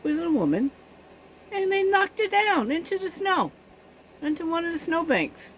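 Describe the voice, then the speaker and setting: A woman's voice: very high-pitched, sing-song, normal speed, a little hiss or hum, rough recording. A woman giving casual spoken commentary on a news event, indignant and emphatic, often checking in with her listeners.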